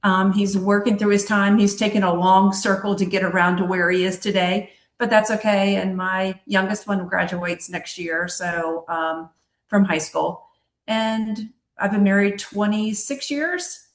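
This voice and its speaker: A woman in her forties, a teacher, introducing herself on a video call in a thankful, quick way. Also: mid-range voice, steady tone, echoey room.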